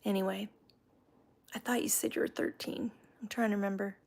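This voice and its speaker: A woman's voice: mid-range voice, level tone, fairly quick, vocal fry, a little mellow. A middle-aged woman hosting a casual livestream chat, reading viewer comments aloud and talking about her faith. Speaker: livestream host.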